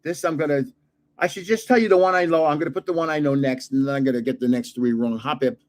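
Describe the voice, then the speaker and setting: An older man with a voice pitched a touch high for a man talks through a pack opening. He rambles, guesses at names and chuckles at himself. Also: fairly even intonation, fast. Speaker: card-collecting channel host. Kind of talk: casual pack-opening chat.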